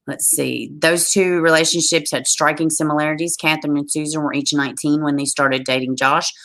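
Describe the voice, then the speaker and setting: A woman's voice: a bass voice, a bit bright. A tired woman with a Southern US accent hosting a true crime livestream, reading a case aloud and breaking off to greet viewers.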